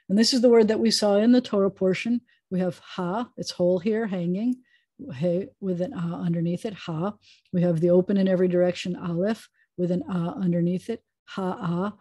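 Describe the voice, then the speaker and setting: A woman rabbi teaching a Hebrew reading lesson over a video call, patient and chatty with playful asides, sounding out letters slowly. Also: mid-range voice, warm tone, no room sound.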